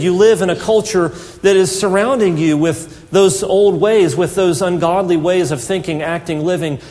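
A man preaching a sermon as a pastor, earnest and emphatic, slowing down to stress key phrases. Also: sits high, a little mellow, long reverb tail.

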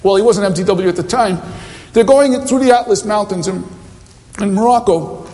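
A man preaches a sermon, moving between teaching and mission anecdotes with chatty asides. His voice sits high and carries a gravelly edge. The recording has the long reverb of a hall around him. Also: moderate pace, dark tone. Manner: anecdotal, conversational, many asides. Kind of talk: sermon with storytelling.

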